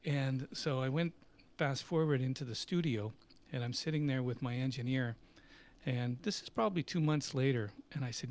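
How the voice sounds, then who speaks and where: In a live Q&A, a middle-aged man who is a company CEO and musician tells casual stories at a moderate pace and medium pitch. He brings his anecdotes to life by voicing the people he quotes, laughing often along the way.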